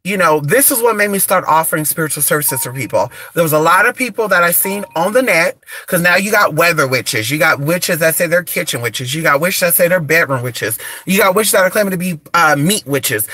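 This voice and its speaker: Raspy woman ranting bluntly. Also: lowish voice, expressive, a little fast, hardly any pauses, sharp tone, dry recording. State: raspy from just waking up. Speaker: spiritual worker offering candle services. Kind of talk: casual rant to camera.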